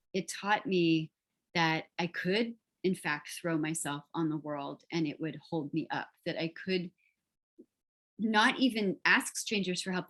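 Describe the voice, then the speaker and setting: Woman author telling a story over a video call, lowish voice, thoughtful, little ums here and there. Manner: reflective, vivid storytelling with fillers. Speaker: author guest.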